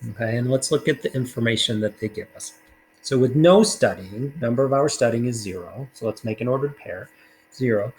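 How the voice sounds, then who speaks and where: A man's voice: mid-range voice, a little fast, a little hiss or hum, low-quality recording. A man teaching a recorded math lesson, talking casually through worked problems with fillers along the way.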